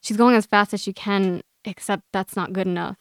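Young woman guest reading her own story, smooth and clear voice, close and dry. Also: medium pitch, steady tone, normal speed, no room sound. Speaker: guest author. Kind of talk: reading a personal essay aloud.

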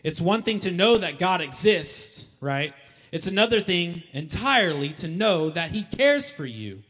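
A man's voice: high-pitched, sing-song, measured pace. Emphatic male pastor in a reverberant hall. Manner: emphatic, repeats lines for effect, rising to shouts. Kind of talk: sermon. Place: church hall.

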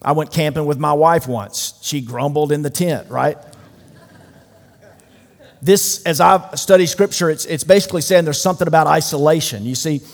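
A man preaching a sermon to a large room, emphatic and swinging from loud declarations to hushed asides. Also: a little high, normal speed. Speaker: pastor. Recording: long hall reverb.

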